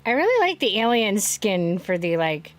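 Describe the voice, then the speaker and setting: A woman streaming a video game, chatting casually, animated and prone to giggling. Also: mid-range voice, moderate pace, no room sound. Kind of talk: casual gaming stream chat.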